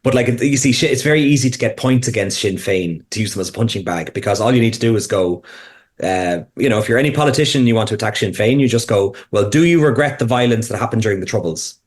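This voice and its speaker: A man's voice: fairly low pitch, fast. A man speaking as a podcast guest, explaining casually while thinking aloud, with frequent restarts and fillers.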